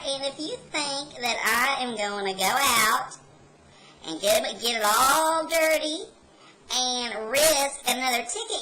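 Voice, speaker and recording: A woman's voice: high-pitched, background noise. A woman playing a brash, rebellious carnival worker, telling a rambling folksy story as a comedy character monologue.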